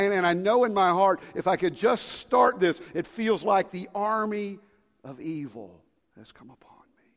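Gravelly-voiced pastor preaching in a big hall. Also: male voice, high voice. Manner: swings from hushed whispers to shouted rallying calls. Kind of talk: sermon. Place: large church with a balcony. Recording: long reverb of a large hall.

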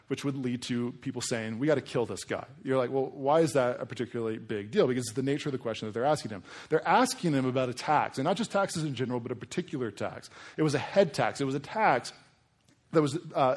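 Casual, animated male preacher. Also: medium pitch. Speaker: pastor. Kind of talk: sermon.

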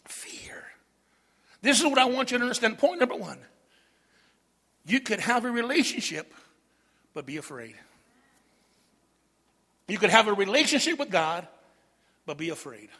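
A middle-aged man preaching a sermon, animated, with call-and-response asides to the congregation. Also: high voice, normal speed, pauses often, husky, long reverb tail. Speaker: pastor.

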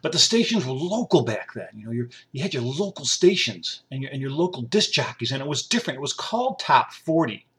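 A man's voice: medium pitch, very animated, fairly quick, few pauses, fairly bright tone. A man in his sixties from upstate New York hosting a podcast from a home studio, riffing playfully in a rambling, repetitive monologue. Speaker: podcast host.

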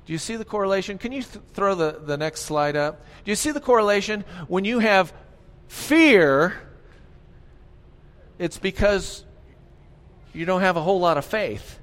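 A male pastor giving an animated sermon, often asking the congregation questions. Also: high-pitched, normal speed, pauses often. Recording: long hall reverb.

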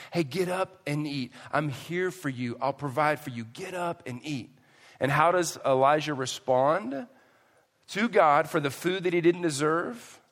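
A male pastor preaching a sermon with emphasis, swinging between loud and hushed delivery. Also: a little high, long reverb tail.

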